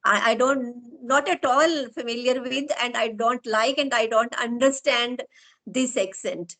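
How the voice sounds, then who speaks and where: A middle-aged woman with an Indian English accent hosting an interview, asking long, winding questions with pauses. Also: on the high side, fairly bright tone, rough recording. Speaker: interviewer, host of English-speaking sessions. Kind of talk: conversational interview.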